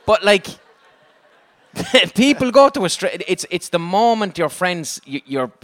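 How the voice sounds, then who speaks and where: Animated Irish man swearing freely. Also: high voice, slow. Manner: animated, swearing, bursts of laughter. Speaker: podcast host. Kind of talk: live comedic chat before an audience.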